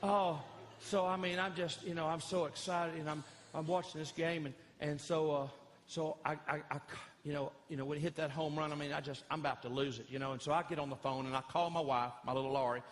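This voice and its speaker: A middle-aged man telling animated, folksy comic stories as a Christian comedian in front of a live audience. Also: a little high, fairly quick, slight background noise. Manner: folksy, animated, acts out voices of others. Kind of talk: live stand-up storytelling. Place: church hall with a live audience.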